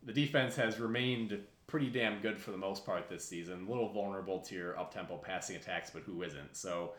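A man's voice: low voice, a little fast, fairly bright tone. Wry, analytical male sports podcaster. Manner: wry, self-deprecating, analytical. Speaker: podcast co-host. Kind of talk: casual sports chat. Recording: roomy echo.

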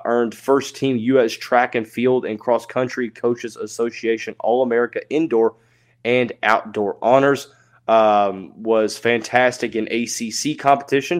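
A young man talks through a college sports podcast in a casual, unscripted way. He pauses often on filler words and corrects himself as he goes, at a middle pitch for a man. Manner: conversational, many filler ums and self-corrections. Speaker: podcast host.

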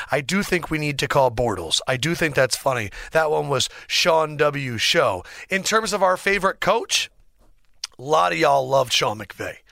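Young man, podcast host, bright forceful voice, dry close sound, excitable theatrical delivery. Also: a little high, dry recording. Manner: excitable, theatrical, swings from shouting to mock gloom. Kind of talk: energetic solo podcast monologue. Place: podcast studio.

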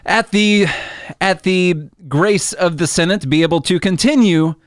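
A man's voice: high-pitched, a little slow, no echo. A man co-hosting political commentary with a slightly raised voice. He sounds earnest and exasperated, recorded dry and close. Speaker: podcast co-host.

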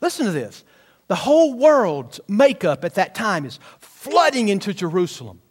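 A man preaching. His voice sits high for a man. He is emphatic and keeps throwing questions back to the congregation. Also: big pitch swings, normal speed. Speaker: pastor. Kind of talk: sermon.

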